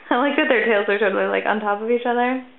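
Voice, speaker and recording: A bubbly young woman chats in a casual vlog from her old bedroom, drifting off to coo at her cats. Her voice sits a bit high. The sound is thin and phone-like, with a roomy echo around it. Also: brisk, creaky, a little hiss or hum. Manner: bubbly, easily distracted, coos at her cats. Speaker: vlogger. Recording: tinny, echoey phone-like sound.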